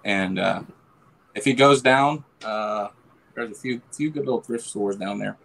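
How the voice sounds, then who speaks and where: A man from Alabama with a thick Southern US accent, chatting casually as a guest on a live stream in a slow, laid-back drawl. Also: on the low side, gravelly, fairly bright tone. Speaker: guest reseller.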